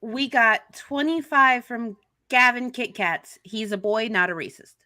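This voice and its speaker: A woman's voice: on the high side, measured pace, bright, forceful tone. A woman co-hosting a casual stream, chatty and hesitant, with many fillers. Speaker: stream co-host.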